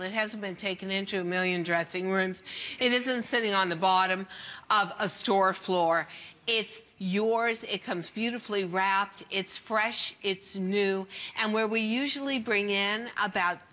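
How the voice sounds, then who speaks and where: A bright, forceful woman gushes about her jeans on a shopping channel. Her talk is chatty and enthusiastic, lingering on every color. The broadcast audio is a little dull. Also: medium pitch, unhurried. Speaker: fashion designer selling her jeans. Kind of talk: home shopping sales pitch. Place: TV shopping studio.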